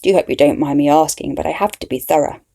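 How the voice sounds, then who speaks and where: A woman's voice: sits low, quick pace, gravelly, mellow, slightly rough, heavily acted. A woman voicing a pompous, prying middle-aged male investigator in a storybook reading. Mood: probing. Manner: prying, condescending.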